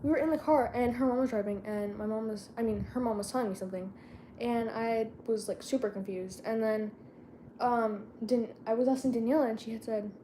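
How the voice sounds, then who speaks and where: Teen girl yapping to her phone cam, kinda high voice, loses track of what she's saying, faint hiss behind. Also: fairly even intonation, fairly quick, warm tone. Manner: rambling, keeps losing her train of thought, slangy. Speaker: vlogger. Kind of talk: casual chat to camera.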